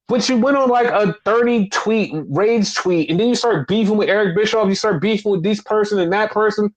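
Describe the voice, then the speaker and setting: A man in his thirties with a high-pitched voice rants on a wrestling podcast. He talks in a heated, casual way, swearing a lot and leaning on "like" as he goes. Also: brisk, hardly any pauses, low-quality recording. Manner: heated, profane, lots of "like". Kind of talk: casual rant.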